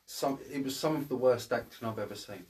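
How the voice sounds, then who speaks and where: A man's voice: mid-range voice, a little fast, a little mellow. A man co-hosting a casual film review podcast, ranting bluntly and swearing often. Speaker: podcast co-host.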